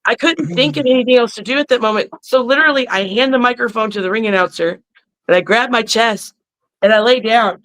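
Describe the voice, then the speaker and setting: A woman who is a professional wrestler, a guest on a podcast, telling lively stories and cursing freely. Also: a little high, brisk, poor audio. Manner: animated storyteller who curses freely. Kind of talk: casual podcast chat.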